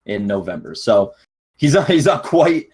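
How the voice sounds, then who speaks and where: A man with a slightly husky voice co-hosting a casual gaming podcast from a home desk mic. He keeps things upbeat and jokey and laughs easily. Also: mid-range voice, sing-song, unhurried, darkish tone. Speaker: podcast co-host.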